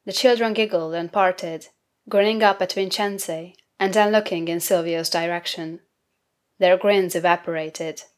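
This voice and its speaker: A woman reads fantasy fiction aloud in a measured, unhurried way, giving the descriptive passages room to settle. Her voice sits lower than most women's and carries the prose at an even, deliberate pace. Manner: measured, unhurried literary reading. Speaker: audiobook narrator. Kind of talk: scripted narration.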